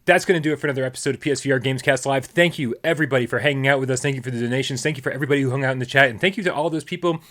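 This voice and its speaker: A man hosting a casual live gaming podcast, talking quickly and cheerfully as he wraps up the show. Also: medium pitch, a bit bright. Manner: fast, upbeat sign-off patter. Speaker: podcast host.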